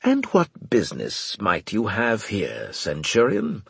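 A man's voice: on the low side, wildly swooping pitch, slow, gravelly, slightly rough, dry recording, full character voice. A man voicing a snide, scheming male senior officer in an audiobook, sneering and clipped. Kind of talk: audiobook character voice.

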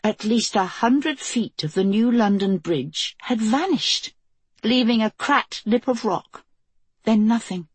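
A woman reading a novel aloud as an audiobook narrator, in measured, even storytelling. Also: fairly high pitch, husky, dry recording. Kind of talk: scripted narration.

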